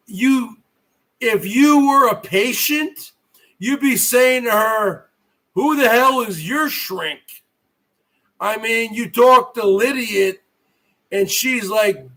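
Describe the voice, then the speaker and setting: Middle-aged man, very high voice, slow drawn-out delivery, mocking rant, frequent shouting. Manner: loud, mocking, often shouting. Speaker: livestream host. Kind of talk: ranting live-stream monologue.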